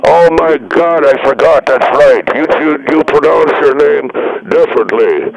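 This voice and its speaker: Prickly yoga doctor in a radio comedy, gravelly voice, muffled broadcast with a crowd behind. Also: male voice, fairly high pitch. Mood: indignant. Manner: indignant, quick to take offense. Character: touchy male yoga doctor, defensive.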